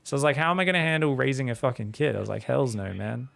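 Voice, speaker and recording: A man's voice: mid-range voice, lively intonation, racing, creaky, a bit bright. A man, casually commentating a strategy game and chatting with viewers in a rambling, laid-back way. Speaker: StarCraft coach and streamer.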